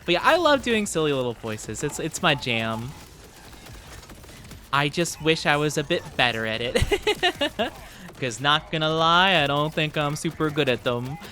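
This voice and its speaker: A chatty streamer talks casually through a game session and keeps laughing along with the chat. The voice is bright and very animated in pitch, with faint noise behind it. It is picked up by a desk microphone. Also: measured pace. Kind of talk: casual gameplay commentary.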